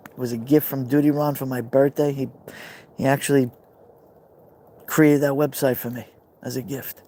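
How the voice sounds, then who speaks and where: A man's voice: mid-range voice, little pitch movement, moderate pace, warm tone. A man with a Brooklyn accent, live streaming outdoors by a fire pit, rambling casually and answering viewer comments. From New York.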